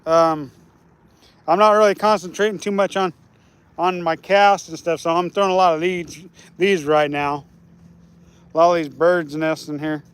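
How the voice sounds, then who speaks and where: A man's voice: fairly high pitch, fairly even intonation, normal speed, pauses often, clean tone. A man fishing outdoors by a lake, chatting casually on a live stream in an easygoing, rambling way. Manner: easygoing, rambling, restarts often.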